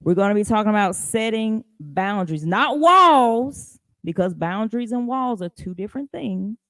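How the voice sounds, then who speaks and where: Casting: woman podcast host, animated chatty delivery, dry close mic. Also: mid-range voice, moderate pace, no room sound. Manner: lively, greets listeners by name, laughs often. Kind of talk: casual live podcast chat.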